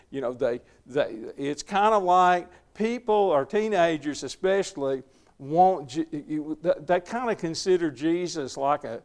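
A middle-aged man, giving folksy, conversational Bible teaching and chuckling often. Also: on the high side. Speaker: preacher leading a Bible study.

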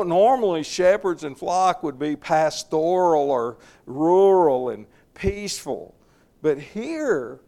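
A man's voice: on the high side, vocal fry, a little mellow. A middle-aged man, giving folksy, conversational Bible teaching and chuckling often. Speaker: preacher leading a Bible study.

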